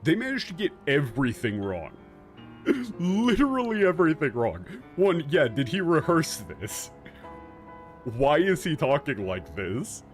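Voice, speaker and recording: A man's voice: fairly high pitch, big pitch swings, measured pace, soft background music. A man giving casual, sarcastic commentary on a game's story, swearing and laughing often. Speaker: streamer.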